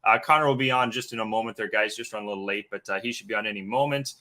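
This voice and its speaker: A man's voice: fairly low pitch, racing, bright, forceful tone. A man hosting a live golf betting stream, chatting casually with many fillers and greeting viewers in the chat. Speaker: sports betting podcast host.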